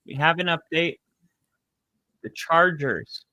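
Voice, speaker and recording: Guy doing a live game reaction stream, slow easy talk, dry close sound. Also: a little high, dry recording, low-quality recording. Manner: casual, reacts loudly to plays and baby-talks his dog. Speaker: livestream host.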